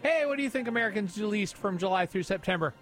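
A man hosting a morning radio call-in game, upbeat and brisk, with quick friendly sign-offs. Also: sits high, animated, very noisy.

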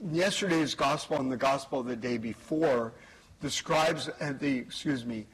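A man preaching a homily at Mass as the priest, slowly and with careful emphasis. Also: mid-range voice, a bit bright, slightly rough, poor audio. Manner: slow, measured preaching with pauses and emphasis.

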